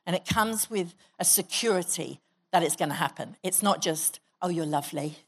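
A woman's voice: fairly low pitch, animated, moderate pace, fairly bright tone, slightly rough. A woman pastor preaching a sermon in church, exhorting the congregation and leading them in prayer. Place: church hall.

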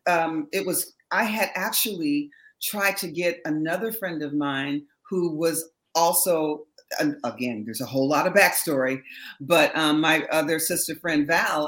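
A woman from Berkeley, a session singer, telling stories in a lively, laughing way as an interview guest. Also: deep voice, measured pace, reverberant, rough recording. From Berkeley, California. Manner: animated storyteller, laughs often. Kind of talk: casual interview chat.

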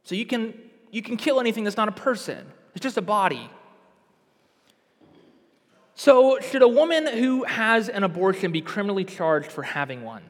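A man with a high, bright-pitched voice preaches with fervor, pressing his points hard and climbing to emphatic peaks. His voice carries a long reverb, as if heard in a large hall. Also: sing-song, brisk. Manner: impassioned, rising to emphatic outbursts. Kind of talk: sermon.

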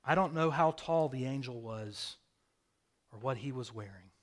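A man preaching a sermon, telling vivid stories with sudden swings from loud bursts to quiet, hushed phrases. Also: mid-range voice, normal speed. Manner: storytelling, dramatic swings in loudness. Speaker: pastor. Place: rural home with a hayfield.

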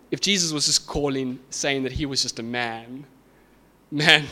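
Emphatic preacher in a reverberant hall. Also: male voice, mid-range voice, moderate pace, a bit bright. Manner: emphatic, builds to raised fervent peaks. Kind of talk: sermon.

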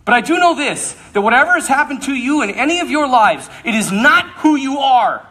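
A man's voice: very high voice, big pitch swings, a little fast, pushed and bright. Emphatic man preaching to a crowd. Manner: emphatic, conversational, humorous. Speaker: speaker addressing a youth audience. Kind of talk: sermon-style talk.

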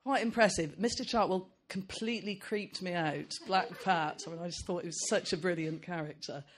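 A man's voice: high-pitched, normal speed, a little hiss or hum. A man hosting a live book event, introducing authors in a hesitant, chatty way with lots of fillers and laughs. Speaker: event host.

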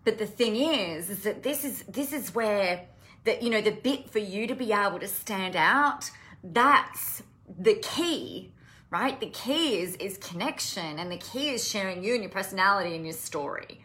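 A woman's voice: medium pitch, lively intonation, moderate pace, a bit bright. A woman business coach talking casually to camera, impassioned and blunt, swearing freely. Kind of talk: casual live-stream talk to camera.

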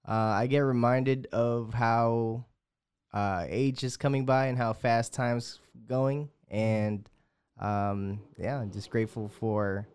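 A man's voice: mid-range voice, darkish tone, clear, resonant tone, no echo, clean studio sound. A man co-hosting a podcast in casual chat, easygoing and a little hesitant, with frequent ums. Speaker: podcast co-host.

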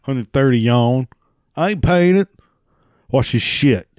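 A man's voice: mid-range voice, lively intonation, slow pace, darkish tone, dry recording, clean studio sound, voice pushed up. A man voicing a boastful redneck who brags in a brash, cocky hick drawl.

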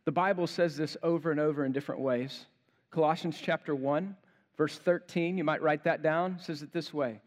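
A male pastor preaching a sermon, emphatic, building to forceful rhetorical questions. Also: on the high side, steady tone, moderate pace. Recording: long hall reverb.

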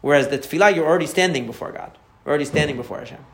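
A man, a rabbi, explaining prayer in a conversational lesson, answering a listener's questions and repeating key phrases as he warms up. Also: fairly high pitch, rapid-fire.

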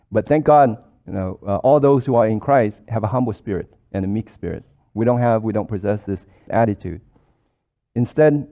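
A man's voice: lowish voice, dark tone. A man preaching a sermon, explaining scripture in an earnest, explanatory way and quoting verses.

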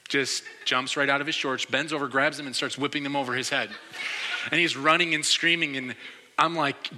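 A man in his forties from New York preaching a sermon, telling a lively personal story and acting out the reactions he quotes. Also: medium pitch, moderate pace, long reverb tail. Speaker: pastor.

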